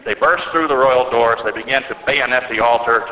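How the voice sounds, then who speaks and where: Guy giving a sermon, bright forceful voice, big church echo hanging after every line. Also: medium pitch. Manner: earnest storytelling preacher, slows for emphasis. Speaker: Orthodox priest. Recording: echoey church with long reverb.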